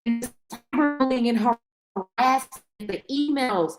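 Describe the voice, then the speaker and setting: A woman's voice: high voice, a little slow, loud music behind the voice. Blunt, emotional woman vlogging candidly. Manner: emotional, blunt, swears freely; rambling, many restarts and fillers. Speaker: show host. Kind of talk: candid reaction vlog.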